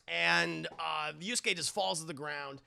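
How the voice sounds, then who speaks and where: Gravelly, high-voiced man recapping for chat. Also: unhurried. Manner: animated, profane storytelling with acted voices. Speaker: anime review streamer. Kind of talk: casual recap talking to live chat.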